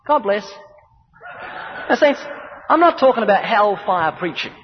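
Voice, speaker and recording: A man's voice: high-pitched, very animated, measured pace, a little hiss or hum. A man preaching a sermon in an emphatic, rhythmic style, building points through repetition and acted-out dialogue. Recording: dull recording with long hall reverb.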